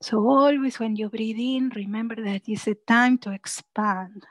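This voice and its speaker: Gentle, slow-speaking yoga teacher woman. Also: a little high, no room sound, low-quality recording. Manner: gentle, soothing cues with frequent "yeah?" checks; breathy sighs and soft whispered cues on exhales. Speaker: yoga instructor. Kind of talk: guided chair yoga class.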